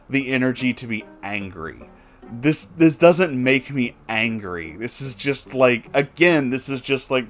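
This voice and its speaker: Sounding amused, a man rambles casually through a commentary on a fan fiction he's reading as host, his mid-range voice full of "like" and "you know" and the odd swear word.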